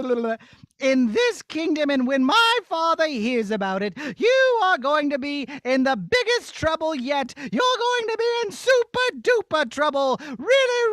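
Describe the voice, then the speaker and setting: Puppet-show casting: a high-voiced, bossy young princess who panics easily, with wildly swinging pitch. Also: male voice, a bit bright, dry recording, studio quality, heavily acted. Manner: melodramatic, exclaiming, talks to the kids.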